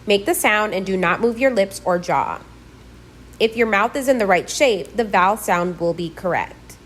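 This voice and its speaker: Woman, scripted language lesson read aloud, deliberate and clear, models each sound slowly. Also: medium pitch. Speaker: language teacher.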